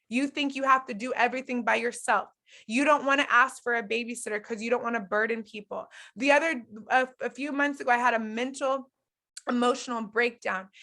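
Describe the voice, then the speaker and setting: A woman's voice: fairly high pitch, sharp tone. A woman in her thirties coaching an online group in a casual, candid way, talking straight to her audience with many fillers. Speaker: online coach hosting a challenge. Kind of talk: casual live-stream teaching.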